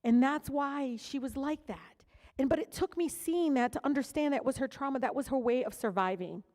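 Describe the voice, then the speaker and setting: A middle-aged Detroit woman tells personal stories during a keynote, her high-pitched voice darkish in tone and moderate in pace. The delivery is frank and conversational with frequent fillers and asides, set in a large hall with lengthy reverb.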